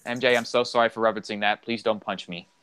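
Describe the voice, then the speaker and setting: A man's voice: fairly low pitch, fairly even intonation, quick pace, a bit bright, slight background noise, poor audio. A man co-hosting a casual gaming chat, rambling through game trivia with lots of fillers. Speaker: co-host.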